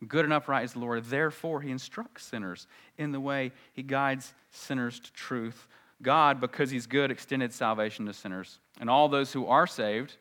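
A man preaching a sermon, dropping to a hushed low voice and then rising loud and high for emphasis. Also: normal speed.

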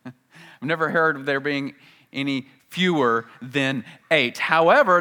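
A man preaching a sermon, telling a story with energy and acting out the lines he quotes, with rises and drops in pitch and loudness. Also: big-room sound. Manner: animated storytelling, acts out quotes with big jumps in pitch and volume. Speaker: pastor.

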